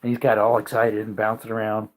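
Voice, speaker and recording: A man's voice: fairly low pitch, completely flat delivery, quick pace. A man vlogging from his home kitchen in a rambling casual chat, wandering between topics and talking to his dogs.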